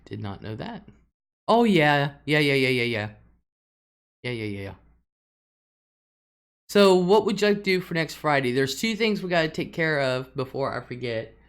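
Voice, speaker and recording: A middle-aged woman runs a casual livestream, reading viewer comments aloud, chatting away, laughing often and drawling some words. Her voice sits low with big swings in pitch, and she talks at a normal speed with long pauses.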